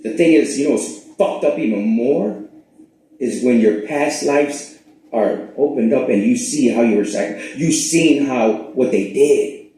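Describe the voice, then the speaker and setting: A man hosting his own spiritual channel, rambling in a profane, casual monologue that swings between loud bursts and hushed asides. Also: mid-range voice, a little slow. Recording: very echoey room.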